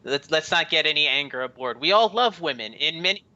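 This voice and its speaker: Bright-voiced man hosting a lo-fi call. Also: on the high side, animated, fairly quick. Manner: stammers and restarts, laughs often. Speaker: podcast host. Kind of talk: casual group chat over a call.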